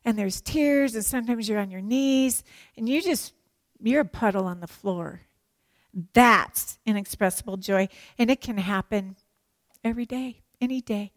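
A woman teaching a sermon to women, animated and emphatic, with playful joking asides. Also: a little high, measured pace, no room sound. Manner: animated and emphatic, acts out prayers and quotes.

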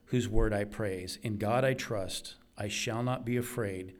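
A man's voice: fairly low pitch, steady tone, unhurried, hardly any pauses. A man preaching a sermon, earnest and emphatic, repeating key phrases for weight.

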